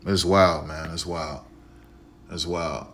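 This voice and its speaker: A man's voice: very deep voice, fairly even intonation, takes it slowly, a bit bright, a little hiss or hum. Preachy male streamer talking to chat. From Chicago. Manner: repetitive, preachy, addresses viewers as y'all. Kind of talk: casual live-stream talk to chat.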